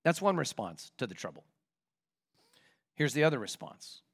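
A male pastor preaching a sermon in an animated, conversational way, with vivid everyday examples. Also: medium pitch, normal speed, vocal fry, breathy edge.

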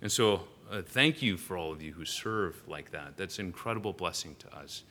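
A man's voice: sits low, lively intonation, normal speed, pushed and bright, slight background noise. A male pastor giving a sermon in a church, telling stories animatedly with frequent "uh" fillers and restarts.

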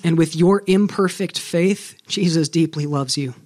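A pastor with a high voice preaches a sermon earnestly and with emphasis, a little slowly and with a somewhat mellow quality. He frequently checks in with his listeners by posing rhetorical questions.

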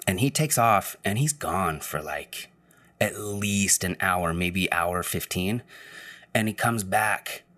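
A man's voice: low voice, lively intonation, takes it slowly, bright, forceful tone. A man telling a personal story in casual storytelling style, rambling, with frequent fillers and restarts.

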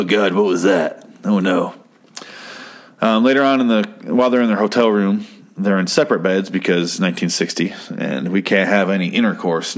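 A man casually recapping a story in a profane, rambling way, often correcting himself. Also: deep voice. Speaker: comedian recapping a show.

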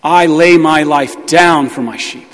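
Guy preaching a sermon, kinda high voice, punchy repeated words, long church echo. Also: measured pace, fairly bright tone. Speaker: pastor.

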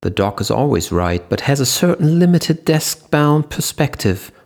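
A man's voice: mid-range voice, sing-song, normal speed, vocal fry, a little mellow, voice pushed up. A male narrator voicing a tough, impatient female army lieutenant who talks bluntly. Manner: snorting, blunt, teasing.

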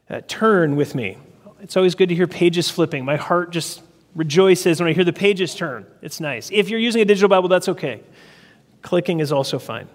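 In a church sanctuary, a male pastor with a notably high voice preaches an expository, verse-by-verse sermon. He teaches methodically and often repeats key phrases to drive them home, and a long hall reverb makes his voice ring out.

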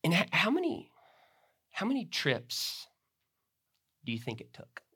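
A man's voice: on the high side, wildly swooping pitch, a little slow, bright, forceful tone, breathy edge. A man preaching a sermon, expounding a passage and acting out the disciples' words. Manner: expository preaching with dramatic retellings of the text. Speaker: pastor.

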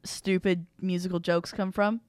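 A woman's voice: fairly low pitch, flat delivery, moderate pace, a little mellow, clean tone, dry recording. Female co-host, casual storyteller, dry close-miked sound. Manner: chatty, laughs while telling stories. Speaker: podcast co-host. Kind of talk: casual chat.

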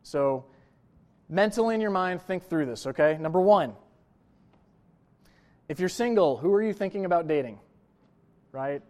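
High-voiced man preaching conversationally. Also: expressive, normal speed, pauses often, a little mellow. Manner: conversational preaching with frequent "right?" and "you know" asides. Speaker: pastor. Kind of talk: sermon.

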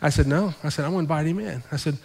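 A male pastor telling a story in his sermon, conversational and animated, repeating his phrases for effect. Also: a little high, rapid-fire, vocal fry, breathy edge, long reverb tail. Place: church sanctuary.

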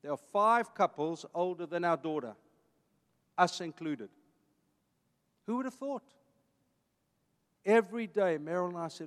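A man's voice: high voice, animated, a little slow, pauses often, fairly bright tone, in a large hall. A man in his fifties from South Africa with an Afrikaans accent, a pastor talking emphatically to his church. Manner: emphatic, preacherly, with repeated phrases. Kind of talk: talk to a church audience.

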